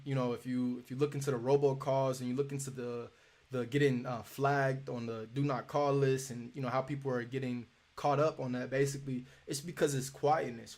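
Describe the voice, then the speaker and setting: A man's voice: mid-range voice, darkish tone. Casual man coaching cold calls. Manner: casual, repetitive, acts out sample phone calls. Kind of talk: live teaching session.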